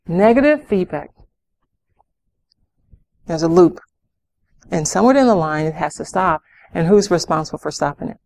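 Middle-aged woman, parenting workshop presenter, animated, asks the audience questions. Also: fairly low pitch, normal speed, gravelly, pauses often.

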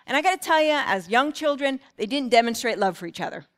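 Earnest middle-aged woman, parenting seminar speaker, high voice, storytelling delivery. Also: lively intonation, fast talker, a bit bright.

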